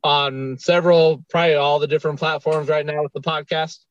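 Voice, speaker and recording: Easygoing podcast host from Colorado. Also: male voice, a little high, steady tone, fairly quick, no echo. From Colorado, USA. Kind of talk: casual interview chat. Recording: muffled audio with faint music.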